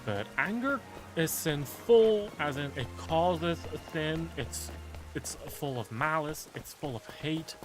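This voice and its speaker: A man's voice: on the high side, expressive, slow pace, faint music behind. A man chatting casually while streaming a game, rambling and musing aloud with lots of filler words.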